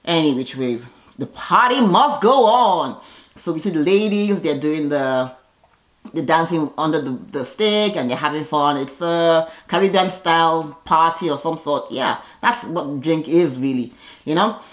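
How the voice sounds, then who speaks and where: A woman giving a casual recap of a reality TV episode, blunt, sassy and animated as she comments on the cast. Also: sits low, measured pace.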